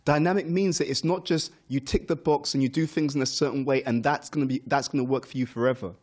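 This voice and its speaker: A man's voice: mid-range voice, steady tone, quick pace, darkish tone. A middle-aged man giving a morning spiritual class, earnest, repeating key words for emphasis. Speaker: spiritual teacher. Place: temple class room.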